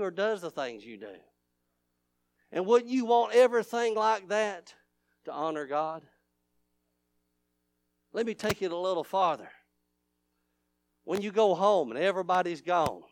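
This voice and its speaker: High-voiced fervent preacher man. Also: no echo. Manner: swings from loud shouting to hushed, low intimate talk; fervent, repetitive preaching cadence. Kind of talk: revival sermon.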